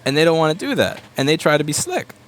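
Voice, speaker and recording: Shop owner, male, fairly high voice, cursing and griping while he works at the bench. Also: very animated, a bit bright. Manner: blunt and sweary, with quick mocking asides. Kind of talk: profane ranting while working. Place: repair shop workbench.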